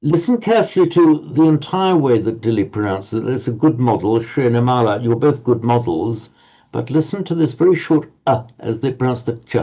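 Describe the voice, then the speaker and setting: Mellow-voiced man teaching pronunciation. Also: medium pitch, expressive, a little fast. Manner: patient, corrective, repeats words while searching. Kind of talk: teaching pronunciation in a group class. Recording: dull lo-fi audio.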